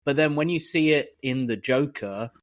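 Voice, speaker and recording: A man from Britain talks films on a podcast, animated and quick to act out reactions in jokey voices. His voice sits at an ordinary pitch, recorded close and very dry with no room sound. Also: no echo. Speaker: podcast co-host. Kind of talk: casual film-talk chat.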